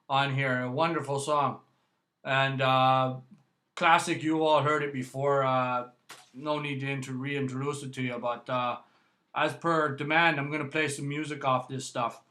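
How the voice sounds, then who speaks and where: Canadian male host, casual rambling delivery, bright tone, roomy echo. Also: medium pitch, fairly even intonation, moderate pace. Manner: chatty, rambling, frequent "eh" and "right". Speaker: music vlog host. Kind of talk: casual vinyl review.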